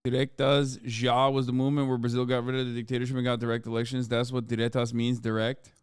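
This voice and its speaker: A male streamer talks into a desk mic in a smooth, clean tone with a dry, close sound. He rambles through his reactions with sarcasm and lots of "like" fillers. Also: medium pitch, flat delivery, fast, no echo. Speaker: streamer host. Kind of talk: livestream reaction commentary.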